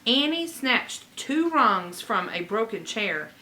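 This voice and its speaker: A woman reading a children's chapter book aloud with expressive delivery and chatty asides. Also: on the high side, slow pace, low-quality recording. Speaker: reader.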